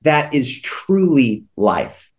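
A man's voice: medium pitch, extremely slow. Earnest man talking faith and money. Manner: earnest, animated storyteller with frequent restarts. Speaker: returning podcast guest. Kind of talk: faith-based podcast conversation.

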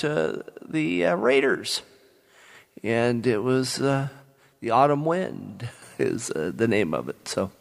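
A man's voice: on the high side, vocal fry, no echo. Chatty man rambling with lots of uhs. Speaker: podcast host. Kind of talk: casual podcast chat. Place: outdoors at a theme park.

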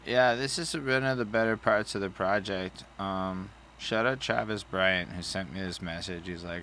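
A man's voice: sits low, normal speed, hardly any pauses, sharp tone, a little hiss or hum. A man co-hosting a casual album review, talking in a loose, profane, rambling way. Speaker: podcast co-host reviewing an album.

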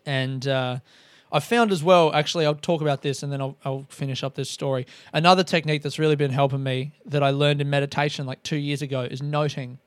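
Sweary guy rambling on his podcast, smooth clear voice, dead dry mic. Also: fairly high pitch, steady tone, a little fast, dry recording. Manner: rambling, heavy swearing, self-mocking. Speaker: comedian podcast host. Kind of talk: casual monologue.

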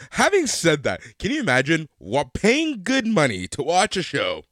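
A man's voice: a little high, wildly swooping pitch, unhurried, a bit bright, no echo, studio quality. A man co-hosting a podcast, chatting casually and expressively about a wrestling show, swearing and laughing a lot. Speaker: podcast co-host. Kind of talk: casual wrestling recap chat.

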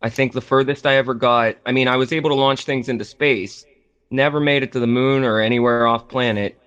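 A man's voice: medium pitch, fairly even intonation, a little fast, a bit bright, clean tone. A man chatting casually on a gaming podcast, rambling with lots of fillers and restarts. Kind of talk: casual podcast chat about games. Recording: slightly dull lo-fi audio.

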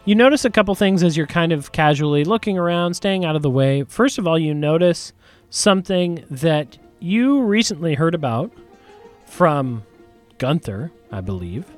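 A man narrating as game master, describing the scene in a relaxed, hedging way. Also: on the high side, normal speed, soft background music. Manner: relaxed, descriptive, many hedges.

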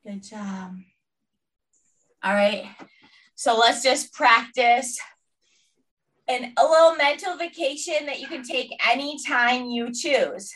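A woman's voice: sits high, slow, a bit bright, distant mic. A woman leading a guided movement and mindfulness class, upbeat and encouraging as she cues movement and breathing. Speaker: fitness class instructor.

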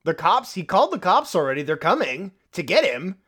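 Dude on a podcast, super animated, keeps doing the characters' lines and cussing a bunch. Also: male voice, high-pitched, fairly quick, husky. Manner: animated storyteller, acts out characters' lines, swears freely. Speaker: podcast co-host. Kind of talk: casual film review chat.

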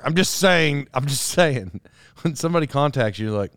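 A man's voice: medium pitch, lively intonation, moderate pace, a bit bright, clean tone, no echo, clean studio sound. A middle-aged man telling rambling, self-aware stories in a casual solo monologue.

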